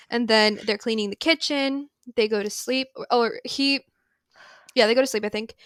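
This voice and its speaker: A woman's voice: on the high side, fairly even intonation, normal speed, fairly bright tone, smooth, dry recording. A young woman co-hosting a podcast, recapping a novel in casual chat with lots of "like" and emphatic asides. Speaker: podcast co-host. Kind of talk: casual book discussion.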